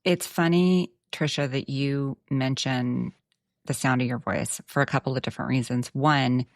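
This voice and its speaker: Texan lady with a really deep voice, chatting thoughtfully on a podcast, dry sound. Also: fairly even intonation, normal speed, no room sound. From Texas. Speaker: guest podcaster. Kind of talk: casual podcast conversation.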